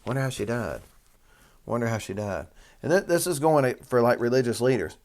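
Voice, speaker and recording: A man hosts a casual talk show, reading a news story aloud and breaking off for loose, folksy asides. His pitch sits in the middle of the male range, and he talks in an easygoing, rambling way. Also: animated, fairly quick, a little mellow. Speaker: host.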